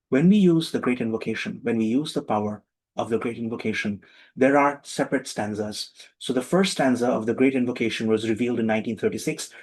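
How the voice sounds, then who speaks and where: A man giving a lively, humorous spiritual talk to a live and online audience, acting out little voices for his jokes. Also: mid-range voice, poor audio. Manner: playful, animated, acts out little voices for jokes.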